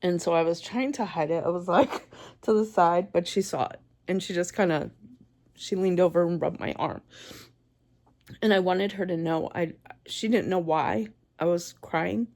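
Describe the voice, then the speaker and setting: A woman in her forties giving a tearful, halting vlog, crying as she talks. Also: on the low side, a little mellow. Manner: tearful, halting, with many pauses and restarts. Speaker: vlogger. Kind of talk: emotional personal vlog.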